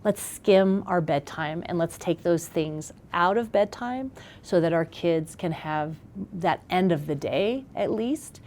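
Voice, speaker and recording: A middle-aged woman speaking as a parenting expert guest in a conversational interview, animated and acting out little scenes. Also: lowish voice, takes it slowly, a little hiss or hum.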